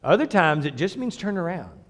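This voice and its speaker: Brief: blunt male pastor, high voice, emphatic sermon delivery, long reverb of a church hall. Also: very animated, fairly quick. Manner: blunt, emphatic preaching with sudden loud bursts and quiet asides.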